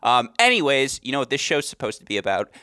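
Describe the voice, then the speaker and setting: Young man, podcast co-host, rambling and jokey, bright tone, dry close sound. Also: mid-range voice, sing-song, fast, clean tone, no room sound. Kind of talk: casual podcast chat.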